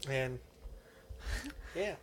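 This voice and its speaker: A man's voice: very slow, fairly bright tone, slight background noise. A man co-hosting a podcast, rambling through a personal story in casual chat and laughing easily at himself. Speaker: podcast co-host.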